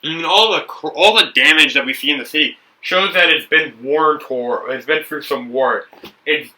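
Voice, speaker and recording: Young man, casual rambling talk, slightly high voice, set back from the mic. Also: normal speed, sharp tone, recorded from a distance, rough recording. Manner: rambling, self-correcting, upbeat. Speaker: brick builder and video host. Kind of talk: casual talk while building.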